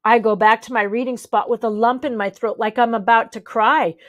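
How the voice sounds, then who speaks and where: A woman's voice: fairly high pitch, brisk, no room sound. Woman reading a children's story aloud. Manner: lively, switching voices for each character. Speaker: audiobook reader. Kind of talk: expressive children's book reading.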